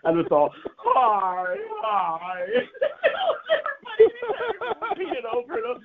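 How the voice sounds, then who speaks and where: A man's voice: extremely high pitch, fairly quick, crowd noise. A man telling a wild story in a casual chat, laughing often and swearing freely. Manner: animated, laughing, profane storytelling. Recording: tinny phone-like line.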